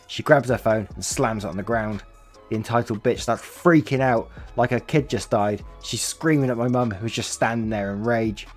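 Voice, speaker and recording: A man reading online stories aloud, acting out the angry quotes with big jumps in pitch, and chuckling through his own casual comments in between. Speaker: reddit story narrator. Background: faint background music.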